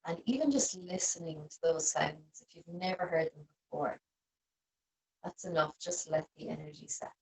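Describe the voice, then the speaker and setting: A woman yoga teacher guiding a restorative class in a soft, gentle, calm way. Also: low-pitched, normal speed, gravelly, slight background noise, low-quality recording. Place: seated on a cushion.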